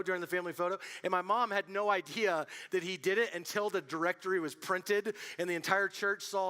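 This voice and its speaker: A young man preaches to a youth group in a loose, chatty way, full of little fillers. His voice sits high and sounds bright and forceful. He tells stories with animated energy. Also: clear, resonant tone. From Colorado. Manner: casual, animated storytelling with many fillers. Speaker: youth pastor. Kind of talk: youth sermon.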